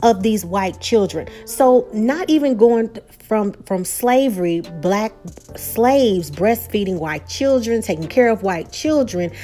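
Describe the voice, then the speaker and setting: A woman's voice: a little high, a little slow, soft background music. Chatty woman recapping a show. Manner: chatty and animated, frequent "you know" and restarts. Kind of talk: casual recap commentary.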